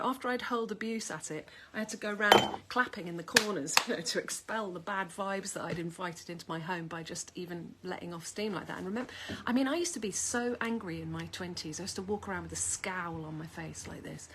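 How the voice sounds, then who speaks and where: A middle-aged woman chats at length to her camera from home. Her talk is rambling and lively, drifting from topic to topic at an everyday pitch. A faint hum of background noise sits under the recording. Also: a little fast. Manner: chatty, rambling, animated. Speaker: vlogger. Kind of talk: casual chat to camera.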